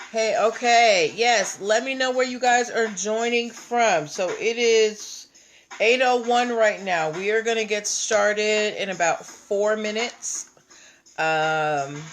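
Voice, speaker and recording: A woman's voice: fairly high pitch, a bit bright. A woman hosting a casual livestream, chatting with viewers and greeting them by name. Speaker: livestream host.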